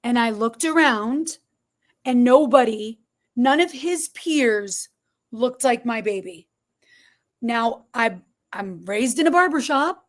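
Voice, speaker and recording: A middle-aged woman, a podcast guest telling her story in an animated, expressive way. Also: on the high side, takes it slowly. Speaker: podcast guest, barber shop owner. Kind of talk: storytelling interview.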